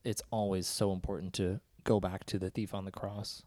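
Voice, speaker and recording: A man co-hosting a podcast, talking casually about faith and often pausing to search for words. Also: low voice, flat delivery, warm tone. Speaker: podcast co-host.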